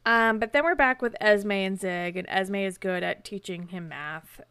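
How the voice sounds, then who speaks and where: A woman's voice: mid-range voice, moderate pace, fairly bright tone, clean tone, dry recording. A young woman co-hosting a podcast, recapping a TV episode in casual chat, full of "like" and laughing as she acts out quotes. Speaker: podcast co-host.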